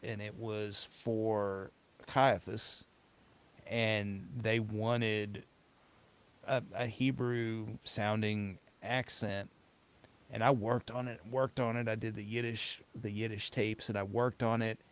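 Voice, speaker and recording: Male actor, lower voice, faded Southern accent, relaxed storyteller. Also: slow, clear, resonant tone. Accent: light Southern US. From Southern US, Tennessee. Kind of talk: casual chat.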